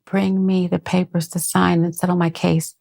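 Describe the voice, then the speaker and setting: Telling her life story as a guest on a podcast, this middle-aged woman has a low-leaning, darkish voice with vocal fry and a flat delivery. She halts and restarts her sentences, and performs the voices of those she quotes in this personal testimony.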